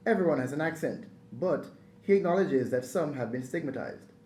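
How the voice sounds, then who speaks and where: A man reading scripted narration for a news feature in a measured way. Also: a little high, animated, a little mellow, echoey room, slight background noise.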